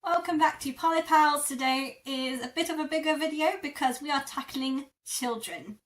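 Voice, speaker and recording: A young woman teaching French words in a lesson, repeating each word slowly and carefully. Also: high voice, distant mic. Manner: slow, careful repetition of words. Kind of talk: vocabulary lesson.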